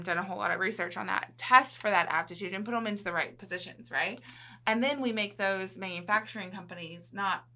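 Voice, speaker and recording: Bright-voiced woman chatting on a podcast. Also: mid-range voice. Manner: talkative, often checks in with "right?". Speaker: podcast guest. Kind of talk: casual podcast chat.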